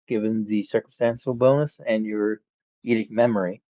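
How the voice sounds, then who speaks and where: A man running a tabletop game as game master, narrating the scene in a measured way with frequent fillers. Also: on the low side, fairly even intonation, dark tone, no echo. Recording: dull, dry lo-fi stream mic.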